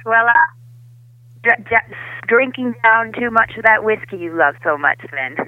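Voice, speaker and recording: A man's voice: high-pitched, lively intonation, no echo. A man playing a flamboyant, gossipy old-Hollywood heir with an affected Hollywood accent, calling in for an improvised comedy bit. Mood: grandiose. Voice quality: theatrical, drawn-out, grand. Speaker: caller. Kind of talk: improvised comedy phone call. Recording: tinny phone line, dry.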